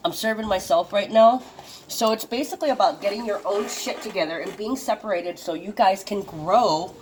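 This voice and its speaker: A woman in the middle of a casual tarot reading, speaking in a chatty way and cursing easily as she reacts to each card. Her pitch sits mid-range for a woman. A steady background noise runs under her voice throughout. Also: poor audio. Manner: chatty, swears freely, exclaims at the cards.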